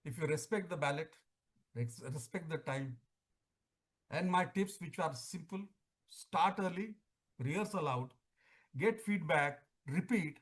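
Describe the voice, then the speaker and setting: Slow, emphatic man. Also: fairly high pitch, slightly rough. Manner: emphatic, oratorical, with deliberate pauses. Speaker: public speaking trainer. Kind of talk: educational talk on contest speaking.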